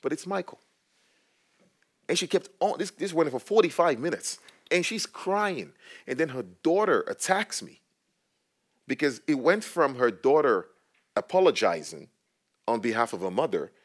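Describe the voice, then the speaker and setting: A man's voice: mid-range voice, moderate pace. A man speaking as a panel guest, telling stories with passion, his voice rising as he gets heated. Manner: animated, emphatic, voice rising when heated. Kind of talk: passionate conversational storytelling.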